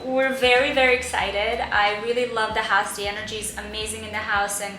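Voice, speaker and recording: A woman vlogger eagerly telling a story in casual chat, with bursts of enthusiasm. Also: mid-range voice. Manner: excitable, animated, quick bursts of enthusiasm. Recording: roomy echo, faint background hiss.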